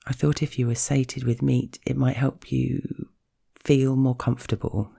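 A man voicing a shy, tender young woman, nervous but eager, speaking soft and half-whispered. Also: mid-range voice, level tone, measured pace, gravelly, slightly rough, full character voice.

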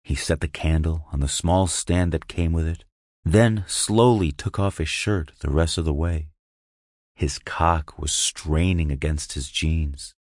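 A man narrating an erotic audio story with a slow, hushed, lingering delivery on a close mic. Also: extremely low pitch, dry recording.

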